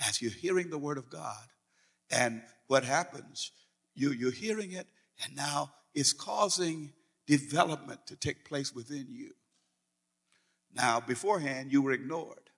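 A husky-voiced man preaching in a church, his voice carrying a long hall reverb. He talks to the congregation in a conversational way and keeps checking that they follow him. His voice sits a little high for a man. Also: fairly bright tone. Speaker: pastor. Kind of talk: sermon.

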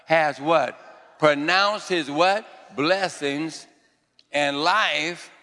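A man's voice: a little high, extremely slow, bright, forceful tone. A male pastor preaching a sermon, repeating phrases and calling on the congregation to answer, with fervent declarations in a raised voice. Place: church sanctuary before a congregation. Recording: long reverb of a large church hall.

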